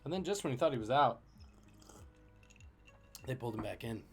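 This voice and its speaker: A man's voice: medium pitch, expressive, a little fast, gravelly, faint music behind. A man hosting a live-streamed trivia game, joking and chatting with viewers between questions.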